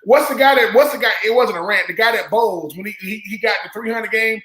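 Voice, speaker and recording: A man's voice: sits high, a little fast, bright, forceful tone. A man hosting casual sports talk, rambling and acting out quotes in put-on voices. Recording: roomy echo.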